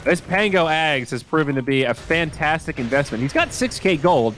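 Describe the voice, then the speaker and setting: A man's voice: a little high, faint music behind. Man calling esports play-by-play. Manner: excitable, rapid call of the action. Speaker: esports caster. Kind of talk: live play-by-play commentary.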